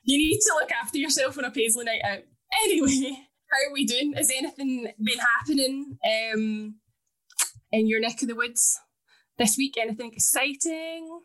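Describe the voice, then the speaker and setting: A woman's voice: high voice, moderate pace, a bit bright. A chatty Scottish woman co-hosting a podcast in casual banter, laughing often. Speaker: podcast co-host. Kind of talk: casual chat.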